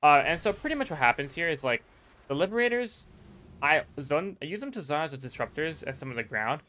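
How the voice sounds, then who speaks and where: A man giving relaxed, chatty commentary over a game replay as a coach, with many fillers. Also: fairly high pitch, brisk. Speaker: StarCraft player and coach.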